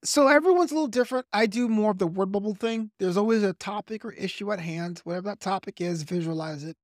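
A man from New York with a softened Brooklyn accent, a comedian guest on a podcast, talking fast in an animated, practiced radio-style way. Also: sits high, no room sound, studio quality. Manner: self-described fast talker. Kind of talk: podcast interview.

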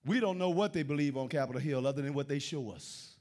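A man preaching a sermon, swinging from loud declarations to hushed asides and repeating his phrases. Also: fairly high pitch, quick pace. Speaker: pastor.

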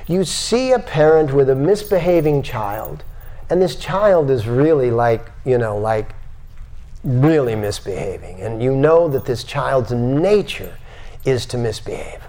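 Man, lecture, slow deliberate pacing, medium pitch, rhetorical questions to the audience. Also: lively intonation, dark tone. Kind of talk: spiritual lecture to a live audience.

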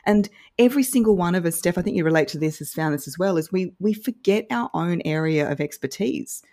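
Female guest, broadcast-trained and encouraging; pitched low. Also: animated, fairly quick, mellow. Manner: polished newsreader-like delivery; upbeat, encouraging. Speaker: guest social media coach. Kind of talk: podcast advice conversation.

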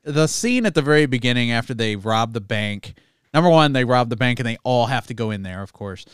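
A man with a smooth, clear voice co-hosts a casual movie podcast. He sounds relaxed and agreeable as he thinks aloud to recall details. The recording is close and dry. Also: mid-range voice, brisk, no room sound. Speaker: podcast co-host. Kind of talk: casual movie review chat.

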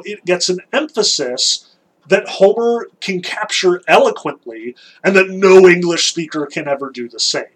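A man giving a casual spoken lecture on poetry, animated and stressing key words, with casual fillers. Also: on the high side, breathy edge, low-quality recording. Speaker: lecturer on Homer.

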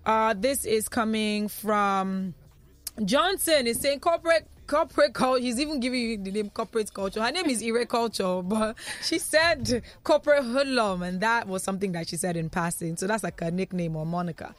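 A woman's voice: fairly high pitch, normal speed. A woman hosting a radio talk show in a studio, reading listeners' comments aloud in a chatty way and laughing easily.

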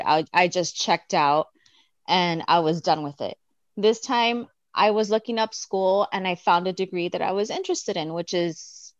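An earnest woman speaks at a middle pitch, reflective, and she livens up when she acts out what others said. Her voice comes through a video call that sounds dry and dull, with little room around it. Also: no echo. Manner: earnest, reflective storytelling with animated quoted asides. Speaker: participant sharing her story. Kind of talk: casual personal sharing on a video call.

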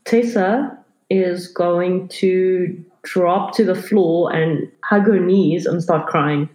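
A woman's voice: lowish voice, fairly even intonation, slow pace, a little mellow. A woman, a player who chattily describes her character's actions in a tabletop game. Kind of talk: casual tabletop play. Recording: roomy echo.

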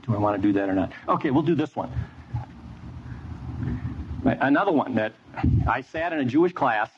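A man's voice: mid-range voice, expressive, moderate pace. A man preaching a sermon, telling a story with energy and quizzing the audience. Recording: dull lo-fi with faint noise.

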